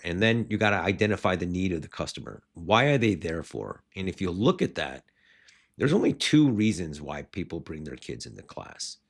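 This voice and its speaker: A man with a very deep, low voice coaches other school owners on growing their business. He talks in an animated, rambling way and often breaks off to restart a sentence. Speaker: martial arts school owner.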